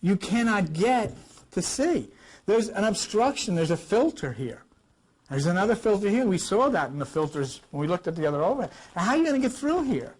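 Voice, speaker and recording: High-voiced man teaching Bible class. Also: sing-song, a little fast, darkish tone, husky. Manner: emphatic, with many rhetorical questions. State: coughing, recovering from a cough. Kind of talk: informal Bible class lecture.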